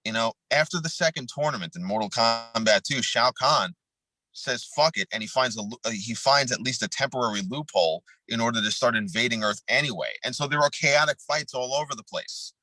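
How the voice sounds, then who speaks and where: A man who grew up in New York, talking in a steady middle register as a podcast co-host. He rants bluntly and swears freely. The sound is dry and close, with no room around it. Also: mid-range voice, brisk, no echo, low-quality recording. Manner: blunt, profane, rants with film and game detail. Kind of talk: casual chat.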